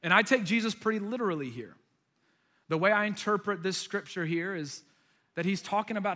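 A man preaching a sermon with animated storytelling, acting out the voices of people in his stories. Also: sits high, fairly quick. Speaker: pastor.

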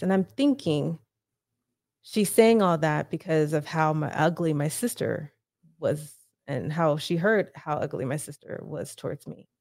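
Gravelly, blunt woman telling a story. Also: low voice, unhurried, a little mellow, dry recording, clean studio sound. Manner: blunt and profane, retelling with rising urgency. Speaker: podcast guest. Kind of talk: emotional personal storytelling.

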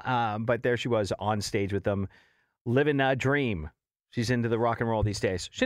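A man's voice: medium pitch, normal speed, no echo. A man hosting a morning radio show in casual, jokey chat, laughing often.

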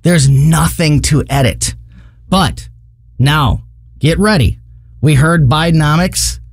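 A man's voice: fairly high pitch, slow, no room sound, clean studio sound. A man co-hosting a talk radio show, giving opinionated commentary in an indignant, mocking way.

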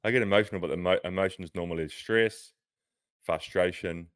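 A man's voice: deep voice, a little fast, clean tone, no echo, clean studio sound. A man co-hosting a podcast in casual chat, rambling and laughing often, talking from a near-empty house while sitting on a bed. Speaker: podcast co-host, pro cyclist.

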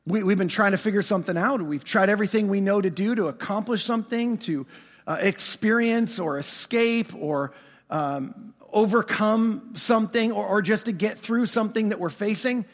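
A man preaching a sermon as pastor, animated, often restarting words and asking his congregation questions. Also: high voice, long reverb tail.

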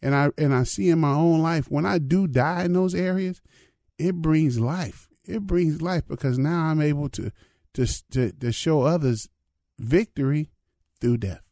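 A man's voice: fairly high pitch, measured pace, dark tone, no room sound, studio quality. An older man, a pastor, giving an informal spiritual reflection in a conversational way, often asking "you know what I mean".

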